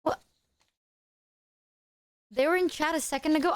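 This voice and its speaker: A woman streamer chatting to her viewers, excitable and apologetic as she shows off gifts. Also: high voice, measured pace, no room sound, clean studio sound. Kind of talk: casual stream chat to viewers.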